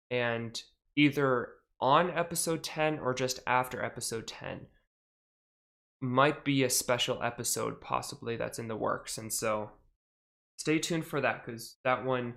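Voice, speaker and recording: A man's voice: mid-range voice, a bit bright. Chatty young man, rambling stream host. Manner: rambling, self-correcting, chatty. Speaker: podcast host on a charity stream. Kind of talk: casual live-stream talk about astronomy.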